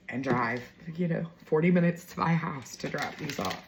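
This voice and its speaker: A woman's voice: low-pitched, normal speed, vocal fry, few pauses, noisy background. A woman in her forties telling a heartfelt story to her viewers in a chatty, emotional way, full of fillers. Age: 40s. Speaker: vlogger.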